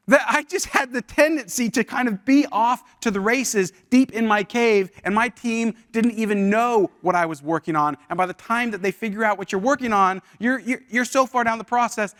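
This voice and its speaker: A man in his forties speaks from the front of a workshop, his voice sitting a little high. He talks casually and tells stories, turning often to the audience with questions. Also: fairly bright tone. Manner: conversational storytelling with audience questions. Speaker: leadership workshop presenter. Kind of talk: live workshop talk. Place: university event hall.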